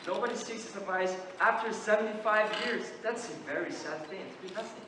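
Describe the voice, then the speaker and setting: Boy playing a gentle reflective old juror. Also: high voice, a little fast, close to an everyday voice. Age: late teens. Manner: soft, reflective, hesitant. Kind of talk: stage play performance. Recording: echoey hall from far off, background noise.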